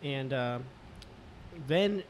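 A man in casual chat, telling a story haltingly, with fillers and restarts. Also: medium pitch, expressive, slight background noise.

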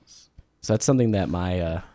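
A man's voice: deep voice, normal speed, warm tone, dry recording. A man co-hosting a casual podcast, chatting and reading news articles aloud, laughing often. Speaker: podcast co-host.

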